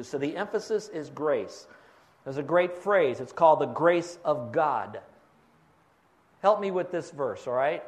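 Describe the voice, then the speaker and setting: A man's voice: fairly high pitch, expressive, a little slow. A pastor preaching a sermon, explaining step by step and quizzing his congregation for fill-in answers.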